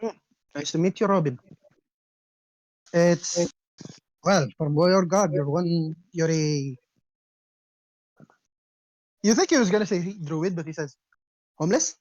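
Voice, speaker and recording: A man's voice: on the high side, slow, long pauses, darkish tone, no room sound. A male game master narrating a tabletop role-playing session. He wanders through his sentences with lots of fillers. The recording is dry and slightly muffled. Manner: loose, rambling narration with fillers.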